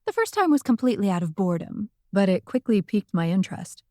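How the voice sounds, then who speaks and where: A woman's voice: medium pitch, big pitch swings, quick pace, darkish tone, no room sound, studio quality, lightly acted. A woman voicing a scheming middle-aged witch who heckles, with a teasing, smug manner, in an audiobook reading. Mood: sly.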